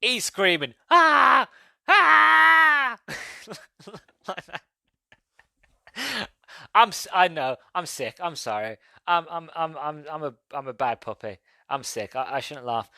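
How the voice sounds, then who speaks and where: A man's voice: on the high side, expressive, unhurried, bright, forceful tone, dry recording. A young man hosting a podcast, chatting casually as he reviews a film, rambling and correcting himself as he goes. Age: young adult. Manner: rambling, self-correcting, laughs as he recounts scenes.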